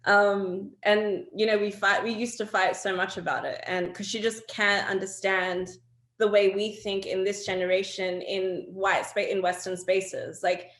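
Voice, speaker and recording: A woman, a guest in an interview, telling personal stories in an animated way with frequent laughs and fillers. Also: mid-range voice, a little slow, roomy sound. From Australia. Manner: animated storytelling, laughs often, many fillers. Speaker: guest artist. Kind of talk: candid conversational interview.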